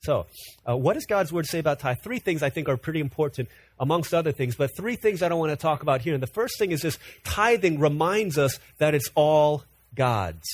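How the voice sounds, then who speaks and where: A man's voice: fairly high pitch, lively intonation, fairly quick. A man in his thirties, a pastor preaching an earnest, conversational sermon full of personal stories.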